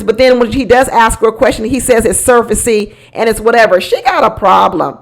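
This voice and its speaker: A woman's voice: fairly high pitch, normal speed. Indignant woman recapping with twang. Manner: animated, opinionated, indignant, laughs often. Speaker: reality show recap host. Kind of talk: casual commentary.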